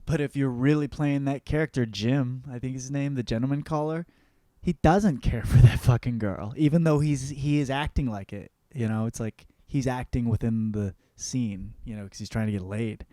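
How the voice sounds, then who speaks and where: A man hosting his own comedy podcast, talking in a profane, rambling monologue that swings between mumbled asides and loud rants. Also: mid-range voice, moderate pace, dry recording, clean studio sound.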